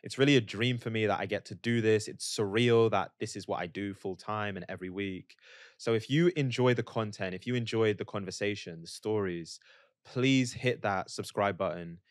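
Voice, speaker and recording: A man hosts a podcast in a dry studio. His voice is very low and he speaks in a gentle, measured way, with no room sound around him. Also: no echo. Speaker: podcast host. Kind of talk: casual interview hosting.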